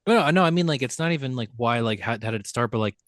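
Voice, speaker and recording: A man's voice: medium pitch, animated, rapid-fire, no room sound. A man co-hosting a podcast, chatting casually about comics in a laid-back, teasing way with dry jokes. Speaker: podcast co-host. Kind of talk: casual comic book chat.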